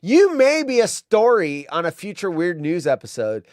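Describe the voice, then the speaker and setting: A man's voice: sits high, wildly swooping pitch, moderate pace, a little mellow, no echo, studio quality. A man hosting a podcast in casual chat, teasing his co-host with jokey banter.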